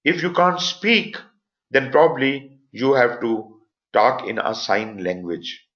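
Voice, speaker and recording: Male instructor, Pakistani accent, explanatory online lecture voice, medium pitch, muffled web audio. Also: slow pace, a bit bright. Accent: Pakistani English. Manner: explanatory, stresses points with voice inflections. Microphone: computer mic for online class.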